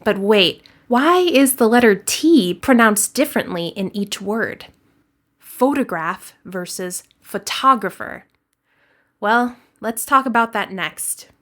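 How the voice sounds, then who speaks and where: A woman teaching an English lesson in a clear, deliberate scripted narration, slowing down to model example words. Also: medium pitch, lively intonation, a bit bright.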